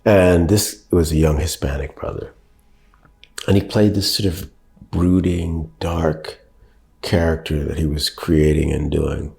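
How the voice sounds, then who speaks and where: A man in his sixties being interviewed, telling stories in a measured, thoughtful way that gets lively when he quotes people. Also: a bass voice, creaky, roomy sound. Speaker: actor and director, guest. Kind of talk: reflective interview storytelling.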